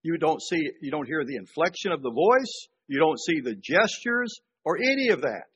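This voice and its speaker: An older man from Georgia preaching a sermon, speaking conversationally with dramatic pauses and rising emphasis. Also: on the high side, sing-song, fairly bright tone, muffled recording, slight background noise. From Georgia, USA. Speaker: pastor.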